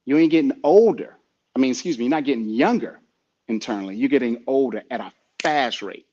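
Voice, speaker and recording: A man gives a motivational podcast talk, speaking straight at the listener in a preachy, repetitive way. His voice sits at a middle pitch. The recording sounds dull and lo-fi. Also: animated, fairly quick, warm tone. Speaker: podcast host.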